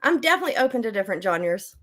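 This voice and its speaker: A woman's voice: a little high, sing-song, racing, a bit bright, slight background noise. An older woman, an author guest on a podcast, talking casually with frequent laughs and fillers. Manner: chatty, laughs often, many fillers and restarts.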